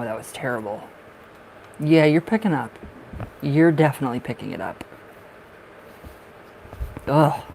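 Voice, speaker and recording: A chatty man with a raspy, gravelly smoker's voice talks his way through a live tarot reading stream. His pitch sits in an ordinary middle range, and now and then he sounds short of breath. A faint background noise runs under the recording. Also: a little mellow, low-quality recording. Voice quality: raspy from smoking. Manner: rambling, chatty, laughs often. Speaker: livestream tarot reader. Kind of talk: casual livestream chat.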